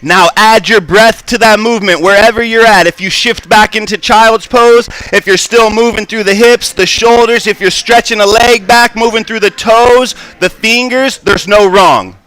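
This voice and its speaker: A man with a bright, clear, slightly higher voice leads a yoga class, calmly calling out poses and breath cues. He checks in often with "right?" and "good". The sound is dry and close, with little room echo. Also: moderate pace, few pauses. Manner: calm cueing with frequent "right?" and "good". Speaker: yoga instructor. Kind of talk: guiding a live yoga class. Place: yoga studio.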